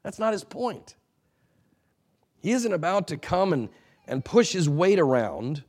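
A male pastor delivering a sermon in an earnest, admonishing way, swinging between emphatic peaks and quiet low asides. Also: sing-song, a little slow.

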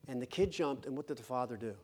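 A man's voice: medium pitch, expressive, fast talker, darkish tone, slight background noise. A man preaching a sermon as pastor, emphatic, repeating words and asking the congregation questions. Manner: emphatic, repeats words when stressing a point.

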